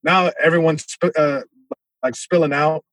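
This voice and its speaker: A male comedian guest telling a story in an animated way, with many restarts and sound effects. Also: a little high, measured pace, no room sound.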